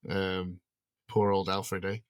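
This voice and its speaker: A man's voice: deep voice, completely flat delivery, takes it slowly, smooth, dry recording. A man hosting a casual podcast chat about a film, steering the talk and laughing easily. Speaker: podcast host.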